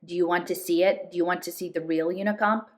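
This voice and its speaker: A woman's voice: lowish voice, fairly even intonation, fast talker, close to an everyday voice. Woman reading an urgent, coaxing older man. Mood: fierce. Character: intense older man urging a boy.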